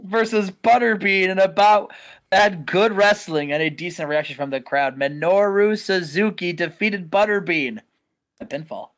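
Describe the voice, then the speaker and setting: A man recaps wrestling matches on a casual podcast. He tells it like a story, eager and lively. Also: high voice, normal speed. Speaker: co-host.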